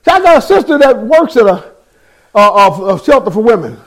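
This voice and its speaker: A man's voice: high-pitched, sing-song, a little fast. A man preaching a sermon, telling his own testimony with street slang, scripture and repeated words.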